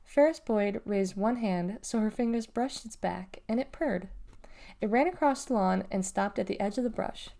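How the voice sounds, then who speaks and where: Woman reading a storybook aloud, mellow. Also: medium pitch, moderate pace, vocal fry. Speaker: storybook reader. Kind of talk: reading a children's novel aloud.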